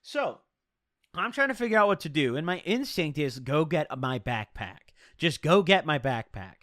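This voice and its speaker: Lively young guy telling a rambling story. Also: fairly high pitch, normal speed, no room sound, clean studio sound. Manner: rambling, profane, slangy. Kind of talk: casual storytime vlog.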